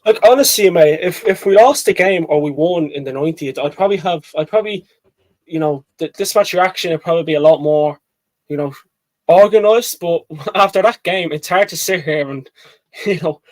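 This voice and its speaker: A man co-hosting a casual football match-reaction chat, excitable and rambling, often calling his co-host mate. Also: a little high, moderate pace, no echo, rough recording.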